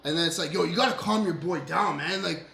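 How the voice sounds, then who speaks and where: Excitable high-voiced man telling a story. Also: quick pace, gravelly. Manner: swearing, laughing, acting out quoted lines loudly. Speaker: podcast co-host. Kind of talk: animated storytelling among friends. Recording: roomy echo.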